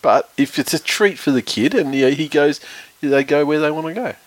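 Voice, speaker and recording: In a dry recording, a male podcast co-host with a higher-pitched voice talks football at a brisk pace. The casual chat is rambling, full of swearing and frequent laughter.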